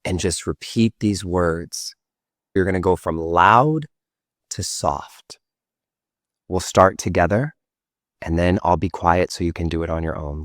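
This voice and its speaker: A man leads a guided affirmation meditation in a deep, low voice. He speaks slowly and soothingly, stretching his words out. The sound is close and dry. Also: no room sound. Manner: slow, soothing, drawn-out guiding delivery. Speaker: meditation and manifestation teacher. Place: online workshop session.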